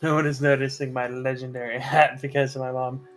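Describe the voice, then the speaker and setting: A man's voice: medium pitch, flat delivery, fairly quick, soft background music. A man chatting casually with his fellow tabletop players and swearing freely. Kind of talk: casual chat before a tabletop game.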